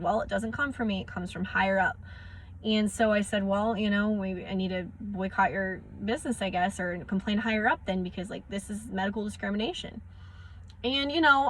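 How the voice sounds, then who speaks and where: A young woman vlogging, frustrated and close to tears as she recounts confrontations in quick bursts of dialogue. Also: mid-range voice, a bit bright, slight background noise. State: near tears. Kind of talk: emotional personal vlog rant.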